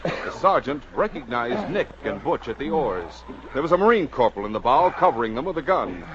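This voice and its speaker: A man's voice: mid-range voice, big pitch swings, a little fast. Male radio drama narrator. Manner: urgent, suspenseful storytelling. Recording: muffled old radio recording with hiss.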